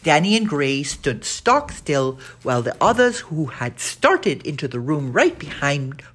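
A woman narrating a children's story aloud, expressive and giving the characters' lines their own voices. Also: low-pitched, a little slow, husky. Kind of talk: storybook reading.

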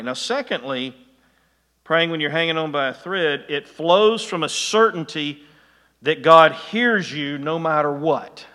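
A man's voice: mid-range voice, bright, forceful tone, in a large hall. A man preaching a sermon in a conversational way, with chuckling asides and frequent restarts. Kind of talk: sermon with anecdotes.

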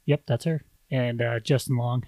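A man's voice: mid-range voice, fairly even intonation, moderate pace, creaky, dark tone, no room sound. A man co-hosting a podcast, casually recapping a movie plot in a rambling way. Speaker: podcast co-host.

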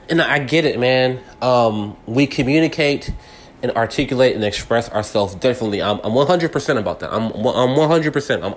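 Man, 30s, low-pitched, rambling reflective monologue with lots of restarts. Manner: rambling with many restarts and fillers; grows heated and agitated when angry. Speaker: podcast host.

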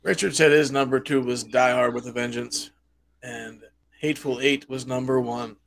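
A man's voice: mid-range voice, fairly even intonation, moderate pace. A man co-hosting a podcast, chatting about movies in a laid-back way and swearing casually. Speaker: podcast co-host.

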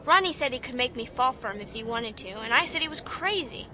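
A woman's voice: fairly high pitch, lively intonation, fast, pushed and bright. An actress playing a frank, spirited young woman tourist in a radio drama.

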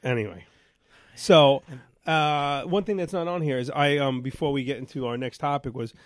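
A man's voice: mid-range voice, normal speed, no echo. Guy cohosting a podcast, getting over a cold, rambles with lots of ums, dry close mic. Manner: rambling storyteller with filler words. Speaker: podcast co-host. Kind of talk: casual chat.

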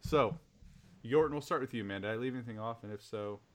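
A man's voice: mid-range voice, fast talker. A man hosting a casual movie podcast, laughing often and acting out quoted lines. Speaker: podcast host.

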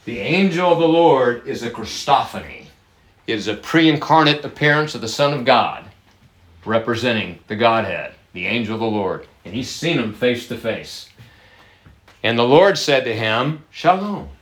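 A pastor preaches a sermon in a medium-pitched voice, lively and chatty with his congregation. He slows down to stress key words and laughs often, and the room adds a roomy sound.

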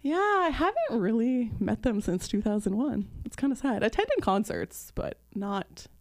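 A woman in her thirties tells a story on her podcast with a slightly high voice. She acts out every voice in it with lively energy. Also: unhurried. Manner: animated, acts out voices in anecdotes. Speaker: podcast co-host. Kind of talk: casual storytelling chat.

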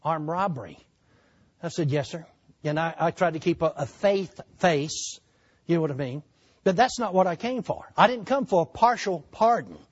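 An older man, preaching a sermon as a folksy, animated storyteller. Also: on the high side, normal speed, husky. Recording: dull lo-fi recording.

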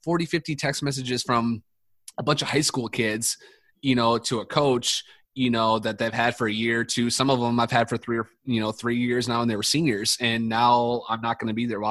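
A man's voice: medium pitch, a bit bright, no echo. A young man from the United States, a podcast guest, telling a long story in casual chat, swearing freely and full of fillers and restarts.

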